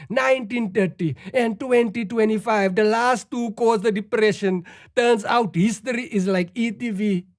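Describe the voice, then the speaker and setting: A woman fronts a satirical news sketch as a mock anchor. Her voice sits a little high, and she lands the jokes with straight-faced newsreader timing. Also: no echo, studio quality. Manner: mock-newscaster delivery with punchline pauses.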